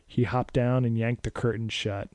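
Dark-voiced man reading a spooky story. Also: medium pitch, steady tone, moderate pace, no echo. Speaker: narrator. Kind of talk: scripted storytelling.

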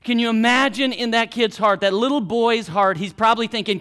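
Midwest pastor guy, kinda high voice, preaching, goes quiet then loud. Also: moderate pace, clean tone. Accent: American Midwest. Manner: animated preaching with big swings in loudness and pitch. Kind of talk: sermon.

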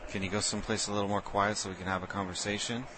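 Low-voiced brash male prank caller. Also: rapid-fire, noisy background. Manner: brash, crude and deadpan-forward. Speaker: prank caller and show host. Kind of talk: prank phone call.

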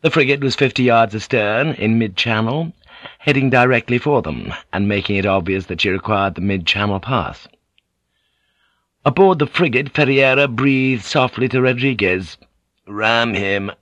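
A man reading an audiobook in a steady, measured narration. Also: mid-range voice, no echo. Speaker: audiobook reader. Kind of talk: scripted narration.

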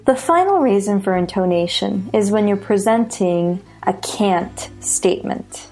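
A woman with an American accent teaching pronunciation, slowly repeating example sentences and stressing the key words. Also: medium pitch, mellow. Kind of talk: slow, deliberate lesson with spoken examples.

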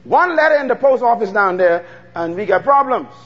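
A man's voice: high-pitched, animated, normal speed, big-room sound, dull audio. A Bahamian man preaching a fervent sermon, calling out to the congregation for responses.

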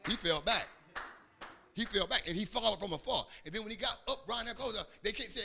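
A man pastor preaching a sermon, acting out quotes and building to loud shouts. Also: high-pitched, quick pace, gravelly, slight background noise. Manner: preaching with call-and-response rhythm and acted-out quotes, rising to shouts.

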